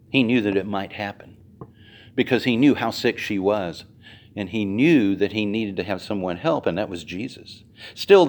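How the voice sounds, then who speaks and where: A man preaching a sermon as dramatic storytelling, swinging from loud to hushed. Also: on the low side, slight background noise. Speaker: pastor.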